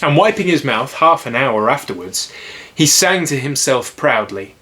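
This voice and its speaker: Relaxed man reading a storybook aloud. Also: mid-range voice, normal speed. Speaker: storybook reader.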